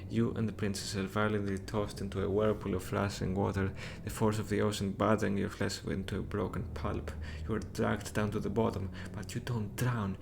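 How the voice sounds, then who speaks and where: A man reading dramatic narration aloud in a slow, measured storytelling manner during a group live reading. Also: on the low side, little pitch movement, vocal fry, background noise.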